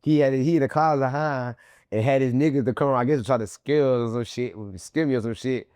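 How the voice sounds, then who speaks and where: Interview guest, male, animated storyteller, heavy slang, dry close mic. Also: medium pitch, fast talker, clear, resonant tone, no echo. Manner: animated, profane street slang, acts out quotes. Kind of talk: casual storytelling.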